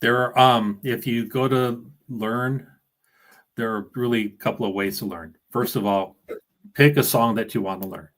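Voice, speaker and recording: A man who is a guest on a casual livestream, talking in a relaxed, halting way with plenty of fillers. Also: mid-range voice. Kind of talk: casual conversation.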